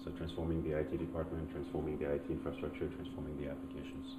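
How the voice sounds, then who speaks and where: A man's voice: very deep voice, completely flat delivery, fast. A man speaking as a guest in a conference fireside chat, fluent business talk with restarts. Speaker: guest, engineering executive. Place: conference stage. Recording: roomy hall on a tinny, noisy line.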